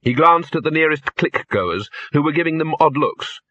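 A man's voice: a little high, normal speed, no room sound. A man narrating an audiobook expressively, on a slightly dull recording. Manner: expressive, lively. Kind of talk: audiobook narration with character voices.

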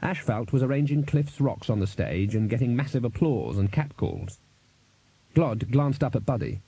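A man reading a novel aloud as an audiobook narrator, in a steady storytelling manner. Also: mid-range voice, normal speed, husky. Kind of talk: scripted narration.

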